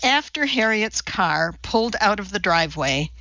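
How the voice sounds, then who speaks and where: A woman reading an audiobook in a measured, wry narration, recorded slightly dull. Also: medium pitch, lively intonation, pushed and bright, dry recording. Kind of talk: scripted narration.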